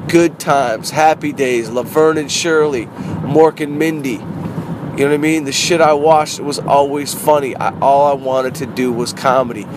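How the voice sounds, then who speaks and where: A middle-aged man, a comedian, talking casually in a car in a rambling, animated way that repeats phrases. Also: on the high side. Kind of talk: casual car vlog monologue. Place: inside a parked car. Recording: noisy street ambience.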